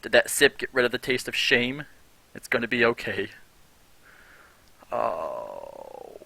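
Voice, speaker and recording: A man's voice: mid-range voice, fairly even intonation, a little fast, sharp tone. A man live streaming, reading viewer chat aloud with dry, exasperated asides.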